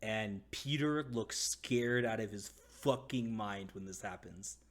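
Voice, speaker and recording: A man narrating as game master in a casual, halting way. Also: lowish voice. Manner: casual, halting, lots of fillers.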